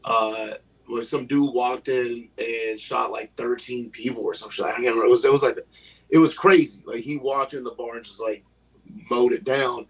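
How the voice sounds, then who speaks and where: A man's voice: medium pitch, normal speed, slightly rough, distant mic, poor audio. A man telling a loose story in casual chat, full of fillers. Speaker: stand-up comedian guest. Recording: voice from further off the mic.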